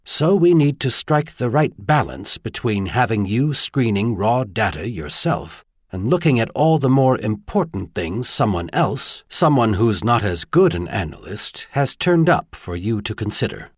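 A man's voice: fairly low pitch, big pitch swings, a little slow, few pauses, husky, no room sound, clean studio sound, exaggerated voice. A man voicing a tall, kindly advisor in an audiobook, earnest and lightly wry.

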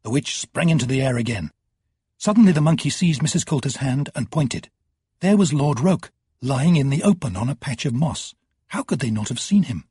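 A male narrator reads a fantasy novel with measured, dramatic pacing. His voice is very husky and breathy, in a middle pitch. The recording is close and dry. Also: lively intonation, darkish tone, dry recording. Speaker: audiobook narrator. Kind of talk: scripted narration.

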